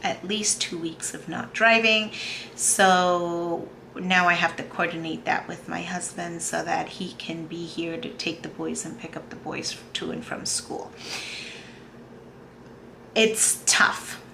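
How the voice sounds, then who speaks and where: A woman in her thirties talks to her camera in a video diary, emotional and close to tears. Her voice is low-pitched yet bright, with a gravelly edge, and she speaks slowly with many pauses. A faint background noise runs under the recording. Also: level tone. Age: 30s. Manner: soft, halting, tearful-sounding talk with many pauses and fillers. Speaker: vlogger.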